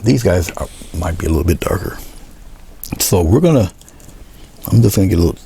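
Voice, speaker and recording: A man teaching a painting demonstration, talking relaxed as he paints, repeating short coaching phrases and often trailing off into a murmur. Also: deep voice, brisk, creaky, pauses often, slight background noise. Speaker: art instructor.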